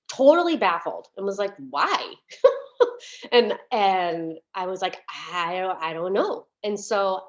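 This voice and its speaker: A woman minister giving a sermon as a candid, chatty personal story, with many fillers and restarts, at times close to tears. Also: mid-range voice. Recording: dull lo-fi recording.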